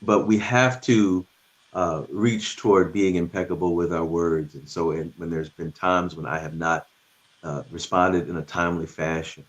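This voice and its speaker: A man's voice: deep voice, fairly even intonation, normal speed. A middle-aged man talking about respect as a guest on a talk show, earnest and thoughtful, with frequent restarts. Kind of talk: reflective conversation.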